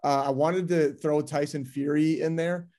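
A man's voice: fairly high pitch, moderate pace. A man co-hosting a sports podcast in a casual, joking chat, steering the segments. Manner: animated, joking, wraps up segments. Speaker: podcast co-host.

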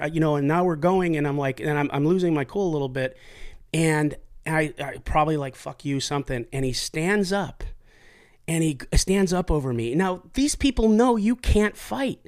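A man's voice: a little high, moderate pace. A man hosting a podcast, telling stories in casual, profane chat. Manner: profane, animated storyteller. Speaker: podcast host.

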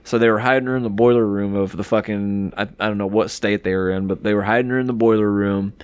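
A man's voice: fairly low pitch, steady tone, quick pace, clean tone, no echo. A man co-hosting a wrestling podcast in casual chat, telling long rambling stories full of swearing. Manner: profane, rambling storyteller. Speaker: podcast co-host.

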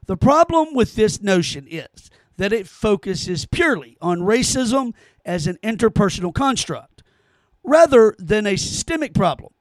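A man with a fairly high voice hosts his own commentary podcast and rants with heat and sarcasm, tripping over repeated words. The sound is close and dry, with no room echo. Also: sing-song, unhurried. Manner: heated, sarcastic, stammering ranting. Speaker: podcast host.

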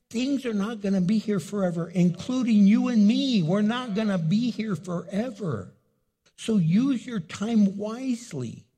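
A middle-aged man preaching a sermon as pastor, animated and acting out little dialogues. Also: sits high, husky. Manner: animated, acts out dialogue with the congregation.

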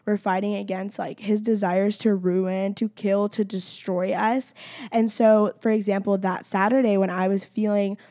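A woman's voice: medium pitch, flat delivery, moderate pace, warm tone, no room sound. A young woman shares a faith testimony in casual vlog talk, looping back with fillers. Her voice sits in a middle register. The recording is close and dry, with no room sound. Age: young adult. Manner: chatty, many "like" and "y'all" fillers. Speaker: college student sharing faith.

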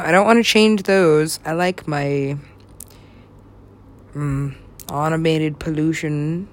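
A woman's voice: deep voice, slight background noise. A young woman rambling to herself in a loose, profane way, now and then dropping into a whisper. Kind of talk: rambling solo talk.

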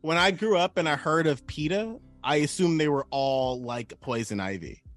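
Excitable young guy, slightly high voice. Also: normal speed, no echo, soft background music. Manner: excitable, laughs a lot, says "bro" and "dude". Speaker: podcast co-host. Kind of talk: casual film chat.

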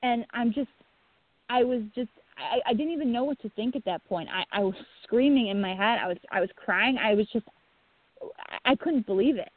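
Woman, halting emotional account, breaking voice, tinny phone line, dry. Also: medium pitch, expressive, dry recording. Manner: halting, many restarts, voice breaking. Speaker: guest, bereaved mother.

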